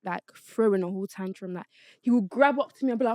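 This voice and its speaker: Yo girl hosting her podcast, quick, blunt, cussing a lot, dry sound. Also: medium pitch, no echo. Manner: blunt, swears freely, animated storytelling. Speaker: podcast host. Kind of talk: casual chat, storytelling.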